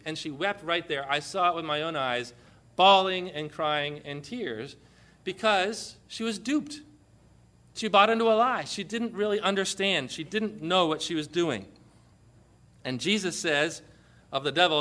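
A man preaching an impassioned sermon, moving from quiet storytelling to loud, forceful proclamation. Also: high-pitched, animated, measured pace.

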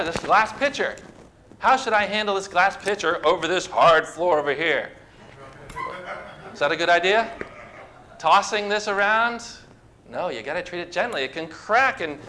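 A man's voice: high-pitched, pushed and bright, slight background noise. A man preaching a sermon to a congregation, talking conversationally and asking the people questions. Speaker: pastor. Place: church with a congregation.

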